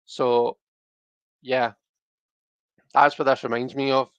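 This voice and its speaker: A man's voice: medium pitch, little pitch movement, takes it slowly, clear, resonant tone, no room sound. A man hosting a casual tarot livestream, rambling and chatty with lots of restarts and fillers, talking straight to his viewers. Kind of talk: casual chat to live viewers.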